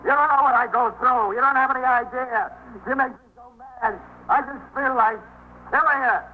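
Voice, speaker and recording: A paranoid armed man, high-pitched. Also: animated, moderate pace. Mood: ranting. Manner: agitated, repetitive, swings between threats and self-pity. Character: unstable man barricaded with a gun, paranoid and bitter. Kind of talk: 1950s radio drama acting. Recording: tinny old radio broadcast with faint hiss.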